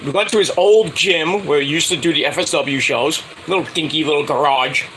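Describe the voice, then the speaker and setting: A man's voice: on the high side, brisk, pushed and bright, a little hiss or hum, rough recording. A middle-aged man telling a rambling casual story, full of filler words and restarts, acting out the lines he quotes. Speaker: wrestling show reviewer.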